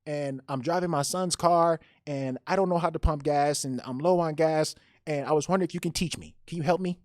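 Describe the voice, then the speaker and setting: A man voicing a tiny, timid elderly woman, pleading politely in a high voice. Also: brisk, dry recording, clean studio sound, close to an everyday voice. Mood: scared pleading. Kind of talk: storytelling impression.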